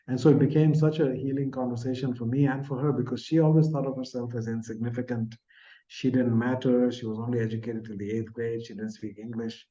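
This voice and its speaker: Older guest from India, mellow earnest storyteller, muffled lo-fi audio. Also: male voice, mid-range voice, fairly even intonation, brisk. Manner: earnest, soft-spoken, trailing off at phrase ends. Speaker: podcast guest, author. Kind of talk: reflective storytelling in an interview.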